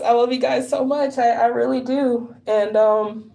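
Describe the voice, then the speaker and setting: A woman's voice: a little high, steady tone, slow, vocal fry, mellow. A tired woman talking on a casual livestream, rambling, swearing and sounding frustrated.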